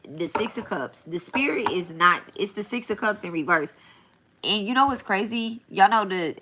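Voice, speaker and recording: A woman's voice: fairly low pitch, pushed and bright, slight background noise. A woman giving a live tarot reading in a casual, blunt way, often repeating and restarting her phrases. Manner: blunt, swears. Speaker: tarot reader.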